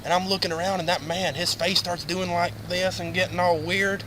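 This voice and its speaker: A man playing a crude, excitable redneck telling a rambling comic story with lots of cursing. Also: sits high, normal speed, background noise. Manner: crude, excitable, Southern-style drawl with cursing. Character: rowdy redneck drunk named Randy. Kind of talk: comedic rambling monologue.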